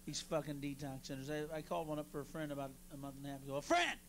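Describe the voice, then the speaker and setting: Man, stand-up comedian, high-pitched, profane, shouty bursts, noisy live club recording. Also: little pitch movement, very fast. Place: club stage at a rehearsal.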